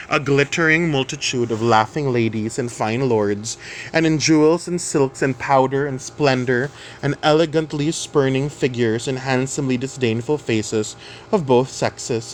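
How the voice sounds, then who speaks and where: A man's voice: medium pitch, a little slow, slight background noise. A man reading a novel aloud and explaining it in chatty asides, with fillers and self-corrections.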